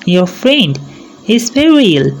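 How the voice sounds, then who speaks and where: A woman reading the lines of a grave male doctor in a storybook reading, slow and earnest. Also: mid-range voice, big pitch swings, pitched above the performer's own voice, low-quality recording.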